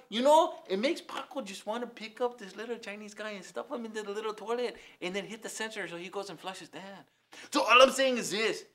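A man voicing a loud, brash Mexican taco-shop character with a Mexican accent, ranting through a rambling comic monologue. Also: sits high. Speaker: comedy character host.

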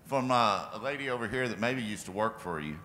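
A man's voice: on the low side, expressive, a little fast, pushed and bright, slight background noise. A man moderating a live event, upbeat and taking questions from the audience. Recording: distant, echoey hall with faint ambience.

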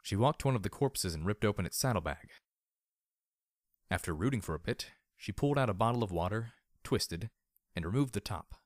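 Deep-voiced man reading fiction. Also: expressive, fairly quick, no room sound, clean studio sound. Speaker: audiobook reader. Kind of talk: audiobook narration of fan fiction.

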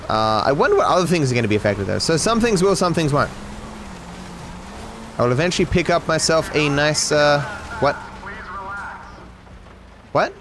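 A man's voice: fairly high pitch, animated, normal speed, pauses often, noisy background. Sarcastic Australian man streaming a game. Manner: sarcastic, swearing, addresses chat. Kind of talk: live gameplay commentary.

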